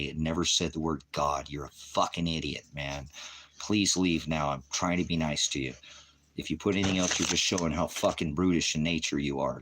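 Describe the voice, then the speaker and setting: A man preaching on a livestream, profane and combative, berating commenters and repeating himself. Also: low-pitched. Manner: repetitive, shifting between shouting and muttering. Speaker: online preacher. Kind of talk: livestream rant at chat.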